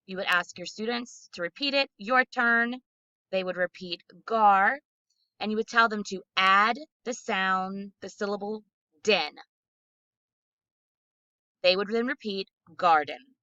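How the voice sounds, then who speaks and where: Woman literacy trainer, bright and clear, dry close voice-over, slightly dull audio, methodical teaching delivery. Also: medium pitch, no room sound. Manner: clear, methodical, slows to model syllables aloud. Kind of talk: instructional presentation for teachers.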